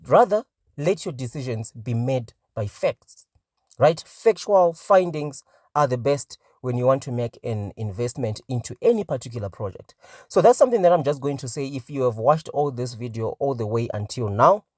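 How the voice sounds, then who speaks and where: A man's voice: medium pitch, expressive, moderate pace, a little mellow, dry recording. Emphatic male crypto commentator, casual vlog delivery, dry and close. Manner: emphatic, peppers talk with "right?".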